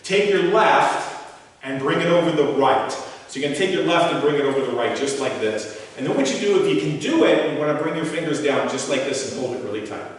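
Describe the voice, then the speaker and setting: A man in his sixties gives a motivational talk, questioning the audience and telling stories animatedly. His voice sits a little high for a man. It comes from far off in a big, echoey hall with a long reverb tail. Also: fairly quick, slight background noise. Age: 60s. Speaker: motivational speaker.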